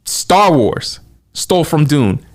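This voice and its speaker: Excitable man gushing about a movie. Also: on the high side, slow pace. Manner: excited, animated retelling with quoted asides. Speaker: podcast co-host. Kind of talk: casual movie chat.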